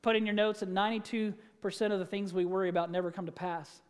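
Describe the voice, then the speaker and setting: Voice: mid-range voice, fairly even intonation, fast talker, smooth, in a large hall. A pastor preaching a sermon in a conversational way, asking the congregation questions and telling stories.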